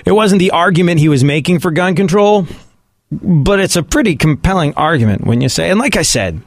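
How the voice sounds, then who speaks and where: A man's voice: fairly high pitch, expressive, fairly quick, no echo. A man giving sarcastic comedic commentary on the news and often laughing at his own points.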